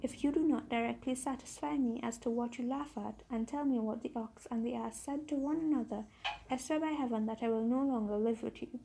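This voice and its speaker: A woman's voice: a little high, brisk, vocal fry, warm tone, a little hiss or hum. Woman reading as a stubborn merchant's wife. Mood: insistent.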